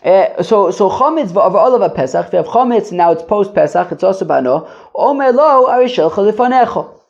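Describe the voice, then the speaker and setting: Speaking fast and expressively in a high, gravelly, darkish voice, a Talmud teacher and podcast host reads Aramaic lines and then explains them casually in rambling English, often stumbling and repeating himself as he gropes for phrasing. It's a daily lesson on dull lo-fi podcast audio.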